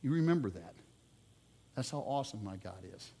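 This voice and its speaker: A man preaching a sermon, telling sports stories with lively swings between loud outbursts and quiet asides. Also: mid-range voice, a little fast, breathy edge, in a large hall.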